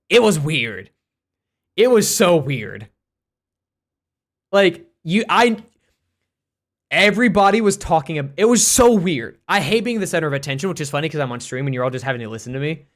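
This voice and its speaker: An American streamer and teacher telling a story casually on a live stream, in an animated, rambling way, full of restarts and fillers. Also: mid-range voice. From United States.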